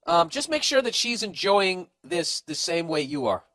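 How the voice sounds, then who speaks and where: A man's voice: high-pitched, sing-song, moderate pace, vocal fry, sharp tone, dry recording. A man hosting a podcast, reading listener letters and giving blunt, profane advice in a casual, ranting monologue.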